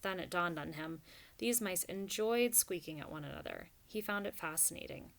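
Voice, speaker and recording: A woman narrating a storybook in a steady, even reading voice. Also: fairly low pitch, normal speed. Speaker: audiobook narrator.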